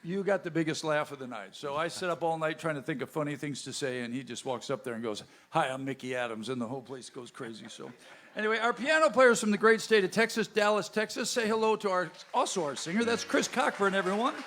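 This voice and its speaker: Bandleader MC, male, slightly high voice, folksy, jokey stage banter into a stage mic at a live venue. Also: quick pace, a bit bright. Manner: folksy, joking banter with the audience. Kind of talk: onstage band introductions. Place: live music venue with a crowd. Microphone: stage microphone.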